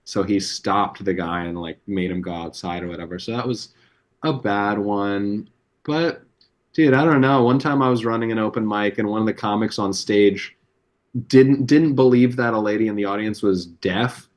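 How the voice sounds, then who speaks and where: A man with a somewhat low voice tells stories as a comedy podcast guest. He rambles casually, swears freely and leans on fillers between beats. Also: moderate pace. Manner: loose, profane storytelling with many fillers. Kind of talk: casual anecdote telling.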